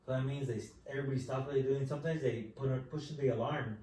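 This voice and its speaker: A man hosting a podcast, telling a story in relaxed casual chat, swearing and saying "dude" over and over. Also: mid-range voice, quick pace. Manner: relaxed, profane, says "dude" constantly. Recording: echoey room, distant mic, faint noise.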